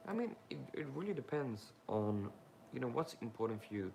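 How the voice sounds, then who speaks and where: A man's voice: mid-range voice, big pitch swings, a little fast, vocal fry, darkish tone, slight background noise. A young man hosting a live Q&A stream, rambling informally with lots of fillers and asking viewers questions. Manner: talks straight to viewers, asking them questions. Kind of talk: casual livestream chat, answering viewer comments.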